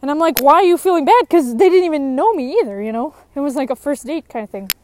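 Young woman, high voice, candid personal testimony that turns heated when she is frustrated. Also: animated, fast talker, darkish tone, slight background noise. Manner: emotional and frank, voice rising when frustrated. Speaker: person in recovery sharing her story.

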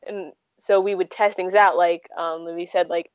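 A woman's voice: fairly low pitch, fairly even intonation, moderate pace, dry recording. Chatty young woman, muffled dry sound. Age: 20s. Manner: chatty, frequent "like" and "um" fillers. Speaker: guest. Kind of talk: casual storytelling interview.

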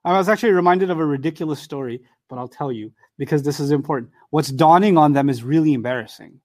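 A Quran teacher from New York gives an animated, conversational lesson, weaving in personal stories and acting out dialogue. His voice is a little high and his pace quick, recorded in a dry, studio-quality setting.

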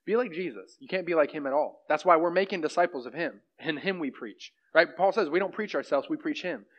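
Speaking a little fast with a highish voice, a young pastor preaches casually and conversationally, repeatedly tossing "right?" out to the congregation. The sound quality is dull, lo-fi.

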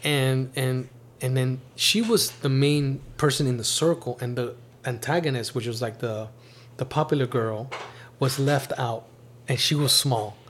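A man hosting a casual chat at home, talking in an animated, rambling way with many restarts. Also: mid-range voice, measured pace, a little hiss or hum. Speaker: podcast host. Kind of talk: casual chat reviewing a TV series.

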